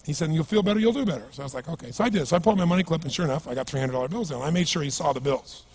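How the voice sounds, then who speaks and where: A man giving a motivational seminar talk to a live audience, energetic and emphatic, telling stories and asking the crowd rhetorical questions. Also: a little high, racing, breathy edge. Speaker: motivational speaker.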